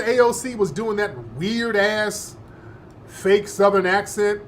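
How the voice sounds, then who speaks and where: A man's voice: high voice, fairly even intonation, slow pace, a little hiss or hum. A male host giving opinionated political commentary in an emphatic, slangy, scoffing manner.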